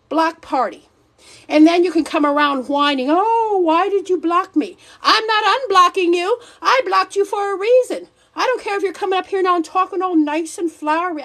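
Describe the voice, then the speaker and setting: Blunt, sassy high-voiced woman live-streaming. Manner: blunt, sassy and preachy, mild profanity. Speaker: wellness livestream host. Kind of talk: live stream chat with viewers.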